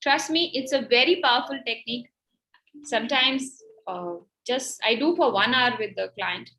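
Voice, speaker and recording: On poor audio, the workshop facilitator speaks at normal speed in a slightly high, pushed and bright voice with an Indian English accent. She encourages and instructs her online group through a tapping and breathing exercise, laughing easily.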